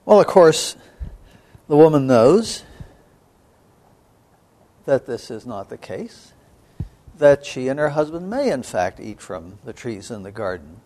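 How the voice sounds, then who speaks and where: A male seminary professor gives a biblical studies lecture in a voice of ordinary pitch. He speaks in a measured, thoughtful way, with frequent hesitations. Now and then he clears his throat. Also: big pitch swings, dark tone.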